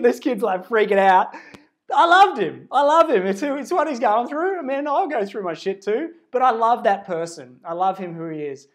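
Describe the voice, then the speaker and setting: A man giving a livestreamed spiritual pep talk into a phone camera, earnest and rambling, swinging between hushed and loud, blunt and casually profane. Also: high voice, brisk. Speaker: spiritual self-help speaker.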